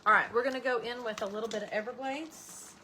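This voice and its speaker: A woman's voice: a little high, fairly even intonation, fast, sharp tone. A middle-aged woman, chatting folksily to viewers while cooking in her home kitchen. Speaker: cooking vlogger. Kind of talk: casual cooking livestream chat. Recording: audible background noise.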